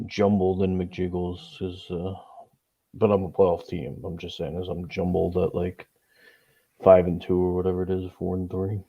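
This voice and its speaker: Male host, very low voice, low-key and teasing, dry, dull lo-fi sound. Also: level tone, normal speed, slightly rough, dry recording. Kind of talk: casual sports chat.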